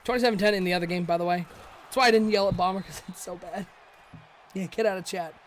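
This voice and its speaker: High-voiced excitable male play-by-play caller. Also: fast talker, a little hiss or hum. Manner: excitable, chatty, joking with viewers. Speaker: play-by-play commentator. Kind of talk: live-streamed game commentary reading chat.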